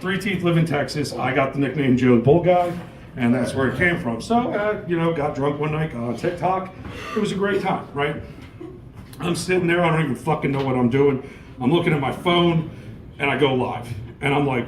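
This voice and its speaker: A man's voice: fairly high pitch, moderate pace, reverberant, noisy background. A middle-aged man from New York doing a stand-up comedy set, telling crude, rambling stories laced with swearing. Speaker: stand-up comic.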